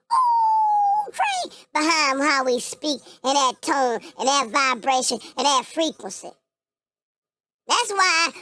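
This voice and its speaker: High bright young woman, african american english, cussing and ranting hard. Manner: blunt, swearing, emphatic. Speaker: reaction video host. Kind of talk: profane reaction rant.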